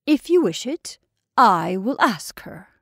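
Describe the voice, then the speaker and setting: A woman's voice: on the high side, big pitch swings, slow pace, fairly bright tone, no echo, studio quality, exaggerated voice. A woman doing a sly, drawling waiter. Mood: conspiratorial. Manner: drawling, conspiratorial, sometimes whispering. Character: sly, wheedling male inn waiter, secretive.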